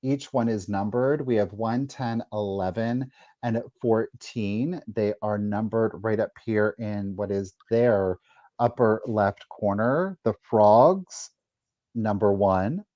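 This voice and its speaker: A man's voice: lowish voice, takes it slowly, dark tone, no echo. A man hosting a live sale, carefully describing each item in detail. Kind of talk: livestream sales pitch. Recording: dull, dry lo-fi sound.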